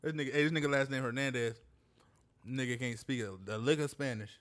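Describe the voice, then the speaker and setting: A man co-hosting a casual, profane chat, animated and quick to cut in. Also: mid-range voice. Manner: animated, profane, interrupts often.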